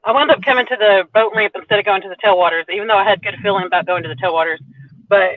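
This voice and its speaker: Chatty woman on a tinny phone line. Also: mid-range voice. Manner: chatty, teasing, quick to laugh. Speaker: co-streamer. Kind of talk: casual live-stream chat. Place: parked car at a lake boat ramp.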